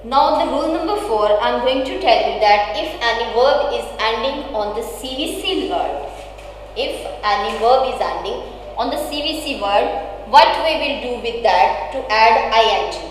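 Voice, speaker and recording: A woman's voice: a little high, animated, normal speed, a little hiss or hum. A woman teaching an English grammar lesson, spelling words letter by letter and repeating each rule. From Pakistan. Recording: very echoey hall with faint ambience.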